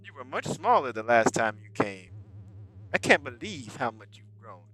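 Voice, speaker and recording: A man voicing a gentle old grandmother in a horror game, speaking softly and coaxingly. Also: medium pitch, sing-song, normal speed, voice pushed down. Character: sweet old grandmother, soft and patient.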